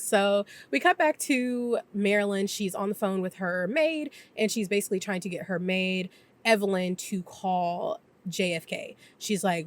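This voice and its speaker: A woman casually recapping a TV episode for her channel, talking freely with lots of filler words. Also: medium pitch. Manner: chatty, filler-heavy, slips into quick impressions. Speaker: YouTube TV reviewer.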